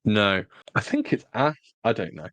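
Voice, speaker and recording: A man's voice: fairly low pitch, wildly swooping pitch, normal speed, fairly bright tone, no room sound. A man co-hosting a podcast in casual chat, rambling and correcting himself with jokes. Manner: rambling, self-correcting, jokey. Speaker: podcast co-host.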